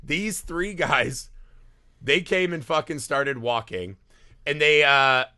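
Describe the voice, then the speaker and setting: A man's voice: on the high side, takes it slowly, pushed and bright, smooth, no room sound, studio quality. A man co-hosting a movie podcast, telling the story in casual, profane chat and acting out the characters' lines. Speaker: podcast co-host.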